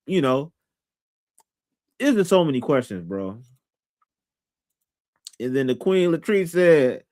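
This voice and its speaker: A man in his thirties hosting a live reaction stream, joking in slang and chatting with viewers. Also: a little high. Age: 30s. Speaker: livestream host. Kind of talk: casual live reaction commentary.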